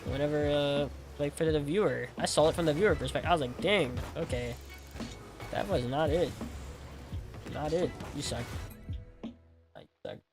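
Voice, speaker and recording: A man's voice: fairly high pitch, moderate pace, long pauses. A young man with a slightly raised voice chats loosely with his live-stream audience while he plays. He rambles and circles back, stacking fillers and repeating himself. Faint music sits underneath. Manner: rambling, full of "like" and repeated words. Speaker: game streamer. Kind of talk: casual live-stream chat while gaming.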